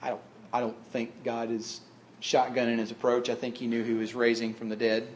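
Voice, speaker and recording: A man preaching a sermon as pastor, folksy and repeating phrases for emphasis, swinging between hushed tones and loud declarations. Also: mid-range voice, completely flat delivery, fairly quick, a little hiss or hum.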